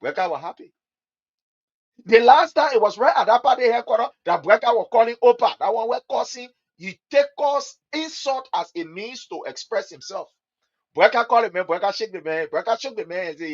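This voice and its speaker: A Liberian man with a Liberian English accent, giving impassioned political commentary that swings between loud outbursts and low mutters, in the manner of a preacher. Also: lively intonation, a little fast, breathy edge, muffled recording.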